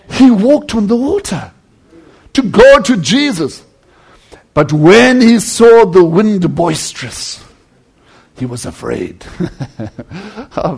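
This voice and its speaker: Preaching with a high, gravelly, slightly rough voice, this man alternates between booming emphasis and near-whispers. He addresses his listeners earnestly as friends.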